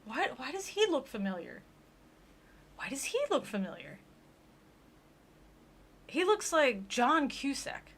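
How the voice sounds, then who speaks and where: A woman's voice: high voice, a bit bright. A young woman streaming, giving sarcastic, joking commentary on a video and mocking the voices of the people in it. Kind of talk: casual reaction commentary.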